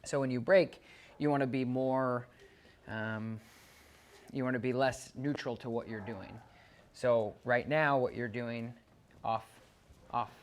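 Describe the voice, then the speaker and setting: A man at a middle pitch coaches a client through dog training exercises in a calm, steady way. He explains each step plainly and counts out the seconds for the client. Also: takes it slowly, long pauses, a little hiss or hum. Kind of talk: instructing a client during training.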